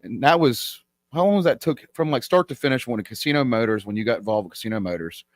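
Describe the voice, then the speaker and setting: A man's voice: mid-range voice, animated, quick pace, dry recording. A man hosting a podcast, asking short, prompting questions in a casual chat. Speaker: podcast host.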